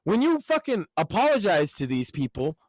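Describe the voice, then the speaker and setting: A man's voice: sits high, wildly swooping pitch, normal speed, darkish tone, dry recording, low-quality recording. A man filling in as podcast host, talking in a casual, profane, mocking way about politics.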